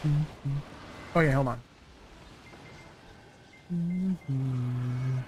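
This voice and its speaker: A man's voice: medium pitch, extremely slow, pauses often, a little mellow, slight background noise. A young man streaming a game, chatting casually with viewers, easily amused and rambling with restarts; he is not British. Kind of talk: casual live-stream chat while gaming.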